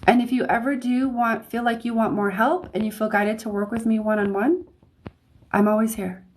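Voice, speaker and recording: A woman giving a live-streamed tarot reading, talking in a chatty, easygoing way, often checking in with "okay?" and laughing softly between phrases. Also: on the high side, fairly even intonation, moderate pace. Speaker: psychic reader. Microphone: phone or desk mic on livestream.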